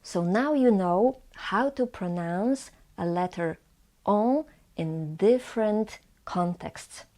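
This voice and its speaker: Polish-accented female language teacher; deliberate, unhurried delivery, repeats every example word twice. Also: mid-range voice, dark tone. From Poland. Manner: slow, careful, repeats each word twice. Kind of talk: pronunciation lesson.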